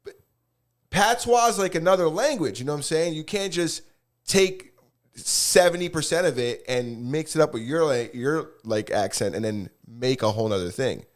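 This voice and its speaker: Brief: young male podcast co-host from New York, casual banter, animated and restless delivery. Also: on the high side, normal speed. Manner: animated, rambling opinions with many restarts. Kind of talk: casual chat.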